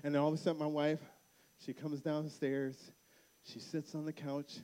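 A young man with a notably high voice addresses a youth camp crowd, teasing people as they find seats. He tells stories with animated energy, acting out each line of dialogue. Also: moderate pace, smooth. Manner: playful banter with the crowd. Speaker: camp speaker. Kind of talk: live youth-camp talk with storytelling.

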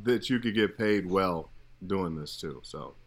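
A middle-aged man, an actor, telling stories from his career in casual chat, animated and laughing as he acts out quotes. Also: low-pitched, unhurried. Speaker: actor guest. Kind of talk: casual storytelling.

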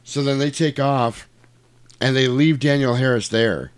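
Animated man recapping a movie. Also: mid-range voice, normal speed, clean tone. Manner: animated retelling, acts out quotes in put-on voices; swears casually. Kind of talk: casual movie recap chat.

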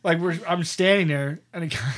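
A man's voice: a little high, moderate pace. A man co-hosting a casual podcast chat, telling stories animatedly, with lots of fillers and swearing. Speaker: podcast co-host.

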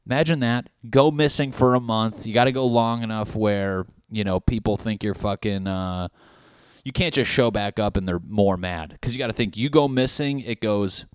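Young male podcast host, fairly low voice, dry close mic, rambling and foul-mouthed. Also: normal speed, clear, resonant tone, no room sound. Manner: profane, rambling, excitable. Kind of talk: casual rambling monologue.

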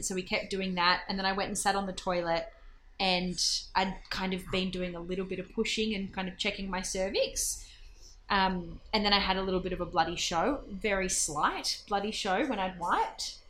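A woman telling a casual, animated personal story full of fillers and laughs. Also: fairly low pitch, slight background noise.

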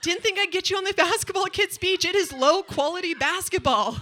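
A woman's voice: extremely high pitch, brisk, bright, forceful tone, a little hiss or hum. A woman telling a rambling, self-mocking comic story on stage at a live show, with chatty asides to the crowd.

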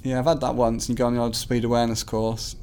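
A man's voice: medium pitch, flat delivery, fast, a little mellow, clear, resonant tone. A young man co-hosting a football podcast from an office, chatting casually in a self-deprecating way and laughing easily. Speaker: football reporter, podcast co-host. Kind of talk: casual chat.

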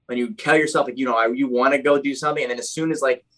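A man's voice: mid-range voice, fairly even intonation, very fast, fairly bright tone, rough recording. A man from New Jersey telling his life story in a casual, rambling way, packed with "like" and "you know".

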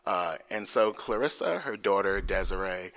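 A man co-hosting a true crime podcast, recounting a case in casual chat, halting, with many fillers and jokey asides. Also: deep voice, lively intonation, a bit bright. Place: in front of a live audience.

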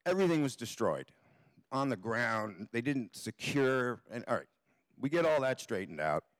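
A man tells a comic story from a theater stage, wry and offhand, swearing freely. His voice is mid-pitched, and the sound is dry and close, with little room echo. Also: very animated, moderate pace.

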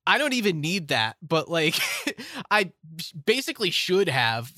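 A man's voice: medium pitch, pushed and bright, no echo, clean studio sound. A young man hosting a casual movie podcast, rambling and laughing often as he talks. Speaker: podcast host.

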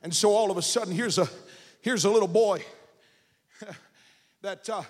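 A male pastor preaching a sermon in a church sanctuary. He moves between a chanted "uh" cadence and shouting, then drops to low, chatty stories. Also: unhurried, big-room sound.

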